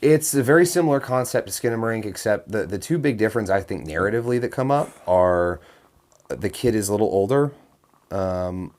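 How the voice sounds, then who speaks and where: Man, podcast co-host, fairly low voice, animated casual chat, quick interjections. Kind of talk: casual movie-review chat.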